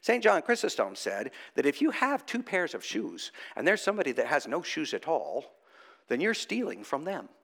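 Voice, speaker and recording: Lively-voiced man preaching a sermon. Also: fairly high pitch, moderate pace, vocal fry. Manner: animated, conversational preaching with rhetorical questions. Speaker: priest.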